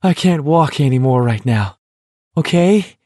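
A man's voice: high-pitched, lively intonation, slow pace, a little mellow, no room sound, studio quality, pitched above the performer's own voice, full character voice. A man voicing a dazed, shell-shocked teenage boy pleading to be allowed to rest.

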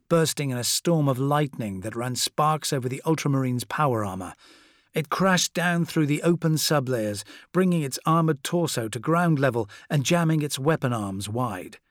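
A man reading a dramatic war story aloud as the narrator, in a measured style. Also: medium pitch, no echo, clean studio sound. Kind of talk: scripted audiobook narration.

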